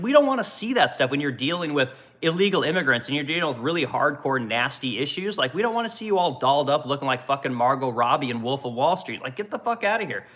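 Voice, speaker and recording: A man's voice: a little high, pushed and bright, dull audio. A man in his forties from Oregon hosting a livestream, ranting in casual, profane commentary. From Oregon, USA. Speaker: livestream host and business owner.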